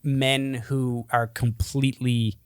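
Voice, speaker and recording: A man's voice: medium pitch, little pitch movement, takes it slowly, clear, resonant tone, no room sound, studio quality. A man co-hosting a podcast, chatting casually, teasing and joking with some swearing. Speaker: podcast co-host.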